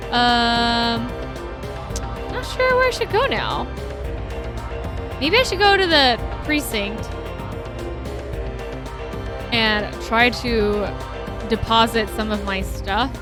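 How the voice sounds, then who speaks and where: A woman streamer chats casually as she plays, thinking out loud and thanking viewers. Her voice sits high and she speaks in an unhurried way. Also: lively intonation, music in the background. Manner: chatty, thinking aloud, greeting viewers. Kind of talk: casual gameplay commentary.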